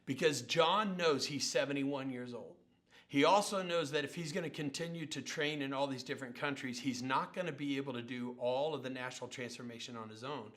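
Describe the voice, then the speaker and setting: A middle-aged male pastor telling stories in a sermon, animated and acting out the people he quotes. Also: mid-range voice, a little fast. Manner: animated storyteller, acts out quotes and sounds. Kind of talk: sermon storytelling.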